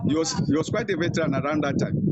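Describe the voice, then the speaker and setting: A man's voice: very fast, heavy background noise. An older man with a Nigerian accent, an interview guest telling long stories and acting out the voices of people he quotes. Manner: animated storyteller, acting out quoted voices with higher pitch. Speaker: interview guest, veteran journalist. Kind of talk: storytelling interview. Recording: dull, muffled sound.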